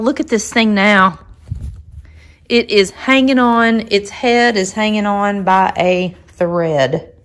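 A woman's voice: on the high side, fairly bright tone. A woman, chatting casually to her viewers and her dogs at home, laughing often. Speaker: vlogger, dog owner. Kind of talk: casual vlog narration talking to her dogs. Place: home and backyard.

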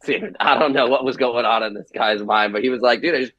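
A man's voice: medium pitch, no room sound, dull audio. A man from New Jersey, a guest musician in casual chat, telling stories and acting out the dialogue. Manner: animated storyteller acting out quoted dialogue.

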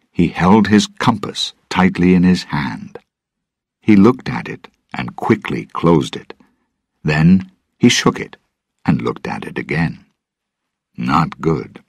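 A man narrating a story slowly and deliberately for English learners. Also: extremely low pitch, gravelly, darkish tone, husky, dry recording.

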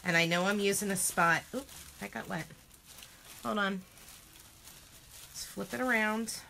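A woman's voice: mid-range voice, a little slow, creaky, sharp tone, slight background noise. A woman chatting through a home craft demo, chatty and self-deprecating, often exclaiming. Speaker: craft vlogger.

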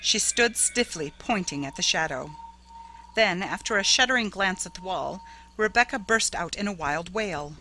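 Woman narrating a spooky old story, lively up and down, bright clear tone, faint music under. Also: lowish voice, moderate pace, low-quality recording. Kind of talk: expressive audiobook reading.

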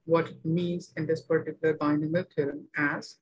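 A man teaching a maths class, explaining each step slowly and checking that students follow. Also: a little high, level tone, poor audio. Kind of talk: online maths lecture.

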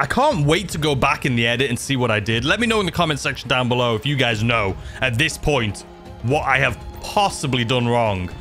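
A man's voice: mid-range voice, bright, forceful tone. A young man commenting on his own gameplay, talking to himself anxiously and exclaiming often. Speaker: gaming YouTuber.

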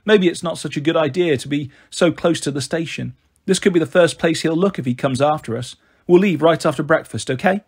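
A man puts on a harried young mother who keeps things light with brisk, wry remarks. The voice sits a little higher than a typical man's and has a husky grain to it. She sounds tired underneath the cheer. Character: weary, tearful young mother on the run. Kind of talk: audiobook character voice.

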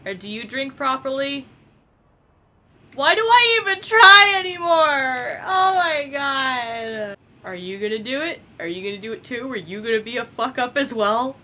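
A young woman casually commenting on a game she is playing, excitable and giggly, swearing often. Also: high voice, a little slow. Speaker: gameplay commentator. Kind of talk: casual let's-play commentary.

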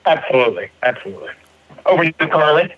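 A man hosting a podcast in a casual, jokey way, often halting and restarting. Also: a little high, lively intonation, no echo, muffled recording. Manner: jokey, halting, stumbling over words. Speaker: podcast host.

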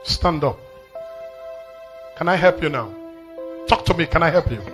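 Commanding Nigerian preacher, fairly high voice. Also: male voice, expressive, a little slow, over music, low-quality recording. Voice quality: commanding, emphatic, repeats phrases. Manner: breaks into loud shouted declarations. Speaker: pastor. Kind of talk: live prophetic sermon.

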